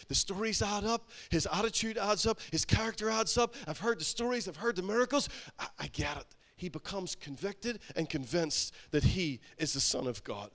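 A male pastor preaching a sermon, emphatic and repetitive, building to loud exhortation. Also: high voice, expressive, a little fast.

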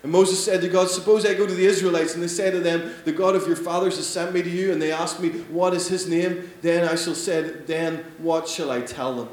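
A man preaching a sermon, animated, swinging between loud emphatic lines and soft hushed ones. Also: on the high side, brisk, hardly any pauses. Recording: echoey room with faint hum.

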